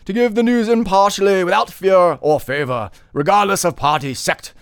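A man's voice: high-pitched, moderate pace, clean tone, no room sound, clean studio sound, voice pushed up. A man putting on the voice of a 1930s radio newsman, declaiming in an old-time newsreader cadence. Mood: declamatory.

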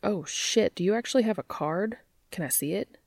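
A woman reading aloud, voicing an eager, joking grown man who talks fast. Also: mid-range voice, expressive, a little mellow, dry recording, clean studio sound. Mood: playful. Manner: quick, joking, talkative.

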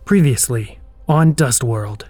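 A man's voice: medium pitch, slow, reverberant, over music. A man hosting a podcast and narrating a tabletop game in an upbeat, loose, filler-heavy way.

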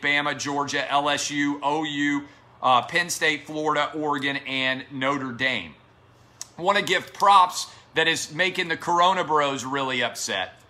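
A man's voice: a little high, sharp tone. A man hosting a sports talk show, delivering an emphatic, combative solo monologue that repeats its key points.

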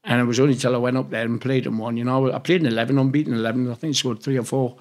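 A man's voice: medium pitch, steady tone, racing, a little mellow. A man from England, an interview guest, telling loose anecdotes in casual chat, swearing freely and acting out what others said. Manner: rambling, swears freely, acts out quoted dialogue.

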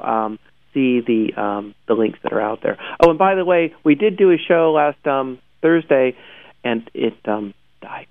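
A chatty male host talks through a search news roundup in a casual, joking way, with laughs breaking in often. His somewhat high voice swings up and down a lot. The sound is thin and tinny, as if from a phone line, and quite dry. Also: clear, resonant tone, dry recording.

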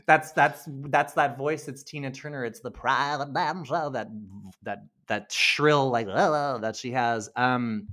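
A man's voice: mid-range voice, fairly even intonation, slow, pushed and bright. A man co-hosting a casual podcast, chatting and laughing often, with frequent restarts. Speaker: podcast co-host. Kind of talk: casual film discussion.

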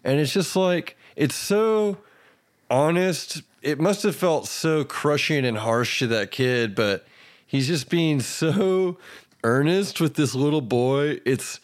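A man's voice: a little high, slow pace. A man hosting a podcast, animatedly retelling movie scenes in casual chat and laughing often. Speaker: podcast host.

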